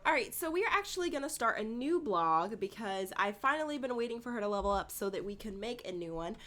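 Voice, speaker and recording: A woman's voice: a little high, big pitch swings, fast talker, fairly bright tone. A woman giving casual, chatty commentary over her gameplay, giggling and talking straight to her viewers. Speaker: gameplay video host.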